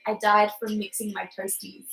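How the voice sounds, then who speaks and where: A woman's voice: mid-range voice, level tone, moderate pace, a bit bright, close to an everyday voice. A woman with an Australian accent voicing a laid-back ghost rabbit in a joke, in a matter-of-fact way. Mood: easygoing. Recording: echoey room.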